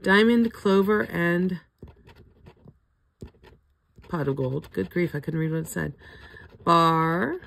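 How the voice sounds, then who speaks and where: Hoarse older woman, low-pitched, slow unhurried ticket-by-ticket chat. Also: fairly bright tone. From Florida. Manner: slowly calls out ticket symbols one by one, chatty asides. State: hoarse, throat not cooperating. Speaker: scratch-off ticket vlogger. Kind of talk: casual running commentary.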